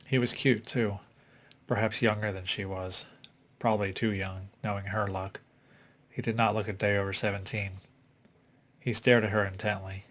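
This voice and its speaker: Man, audiobook narrator, low voice, flat and steady. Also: moderate pace, long pauses. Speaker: reader.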